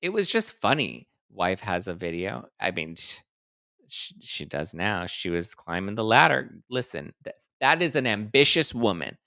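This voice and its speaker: A man's voice: on the low side, very animated, moderate pace, creaky, bright, forceful tone, no echo, clean studio sound. A male host chatting casually through celebrity gossip and reading out viewer comments, in a sassy, playful way with dramatic mock outrage.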